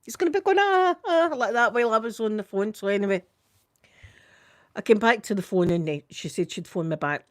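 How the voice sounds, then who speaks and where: An older woman with a Scottish accent tells a story in a casual chat. She is animated and keeps saying "I says" as she retells a conversation. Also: medium pitch, fairly quick, dry recording, clean studio sound. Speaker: vlogger.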